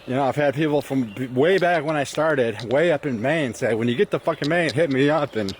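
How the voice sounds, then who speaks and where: A man's voice: mid-range voice, a little fast, a little hiss or hum. A man from the US Midwest with a mixed Southern drawl, rambling crudely and joking while walking a forest trail, recorded on a phone camera. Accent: mixed Southern drawl and Northern US. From Michigan, US Midwest. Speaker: thru-hiker vlogger. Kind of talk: casual profane trail monologue. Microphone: phone camera on trekking pole.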